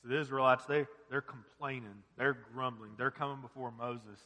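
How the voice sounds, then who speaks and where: A man's voice: medium pitch, steady tone, moderate pace, pushed and bright, in a large hall. A man preaching a sermon as pastor, earnest and full of rhetorical questions.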